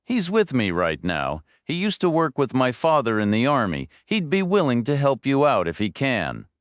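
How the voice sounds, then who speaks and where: A man's voice: mid-range voice, huge pitch swings, normal speed, no echo, clean studio sound, voice pushed up. A man voicing a persistent young woman lawyer who presses with polite questions. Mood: earnest.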